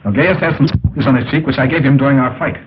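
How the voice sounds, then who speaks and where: An actor playing an eager, excitable young captain in a 1930s film, on a dull, hissy old soundtrack. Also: male voice, mid-range voice, lightly acted. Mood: earnest. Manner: eager, pleading, quick to protest. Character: dashing excitable young male captain and suitor.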